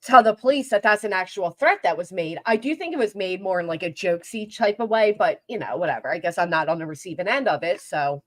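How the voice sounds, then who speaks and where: A woman's voice: fairly low pitch, expressive, fast talker, few pauses, fairly bright tone. A woman hosting a casual reaction commentary, sarcastic, laughing now and then and trailing off into restarts. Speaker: commentary channel host.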